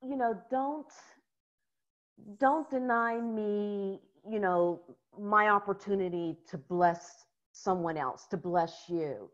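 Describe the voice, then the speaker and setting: An American woman, a guest in a casual interview, telling stories in an animated way and laughing often. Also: medium pitch, takes it slowly, muffled recording. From United States.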